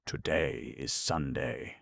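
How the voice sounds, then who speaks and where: A man voicing a kindly middle-aged landlady who speaks gently, almost in a whisper. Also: low voice, wildly swooping pitch, slow, gravelly, no echo, exaggerated voice. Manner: gentle, hushed.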